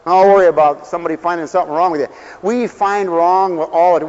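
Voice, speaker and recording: An older man gives a folksy, joking sermon, dropping into quiet asides and then building to loud exclamations. His voice sits high for a man. The recording is dull and lo-fi, with a long reverb tail from the hall. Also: fairly even intonation, fast. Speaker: pastor.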